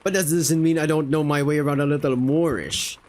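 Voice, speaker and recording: A man's voice: fairly high pitch, steady tone, a little fast, a little mellow, lightly acted. Boastful male falcon sailor, read by a man, friendly and a bit showy. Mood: chatty. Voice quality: friendly, show-off tone.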